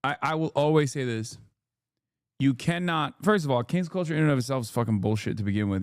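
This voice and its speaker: A man's voice: medium pitch, quick pace, no room sound. Man in his thirties, streamer, profane rant, hammering repetition, dry close sound. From United States. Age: 30s. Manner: emphatic, profane, repeats himself for stress. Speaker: streamer and political commentator. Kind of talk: casual ranting commentary.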